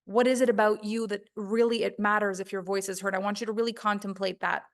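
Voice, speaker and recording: Animated woman teaching a voice course, punchy and emphatic, acts out little quoted voices. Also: mid-range voice, fast. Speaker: voice coach. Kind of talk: recorded course lesson.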